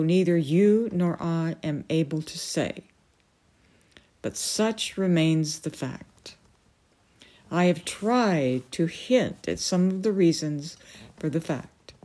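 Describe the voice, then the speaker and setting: A woman's voice: low voice, warm tone. A woman reading aloud, voicing a tetchy, easily vexed old male wizard in a storybook. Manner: stern, prone to outbursts.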